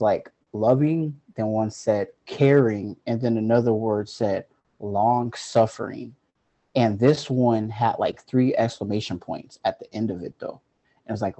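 Husky, mellow-voiced man telling a story. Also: fairly low pitch. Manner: loose, filler-heavy telling with frequent "like". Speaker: guest. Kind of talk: casual storytelling.

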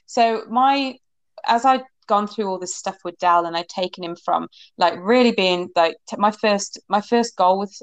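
A middle-aged woman from England, a horsemanship coach, telling her stories in an animated, rambling way as a guest in an interview, laughing often. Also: fairly low pitch, no room sound. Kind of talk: casual interview storytelling.

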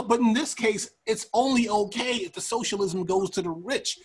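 A man hosting a podcast, giving profane, ranting political commentary in a casual, animated way. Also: high voice, moderate pace, few pauses, husky. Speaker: podcast host.

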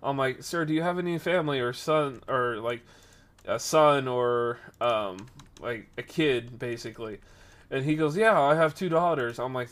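His voice is medium-pitched and his pace moderate. The man, in his 20s, casually rambles through an animated story on a podcast stream, leaning heavily on fillers.

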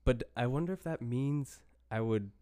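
A young man from India with an American accent, talking casually and reflectively, with frequent pauses and fillers. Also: mid-range voice, warm tone, clear, resonant tone, dry recording, studio quality. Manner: reflective and hesitant, with many fillers. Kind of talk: casual conversation.

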